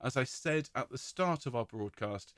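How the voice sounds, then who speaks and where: A man's voice: medium pitch, expressive, moderate pace, no echo, studio quality. A man leading an online choir rehearsal, speaking with enthusiasm and praise and now and then singing a vowel to show it. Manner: enthusiastic, warm praise, demonstrates sung vowels. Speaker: choir director.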